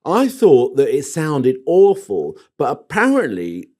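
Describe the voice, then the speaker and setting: A man's voice: mid-range voice, wildly swooping pitch, slow, warm tone. A middle-aged man co-hosting a garden podcast, chatting and joking with a laugh never far away. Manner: jokey, chatty, laughs often. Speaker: podcast co-host. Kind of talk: casual banter.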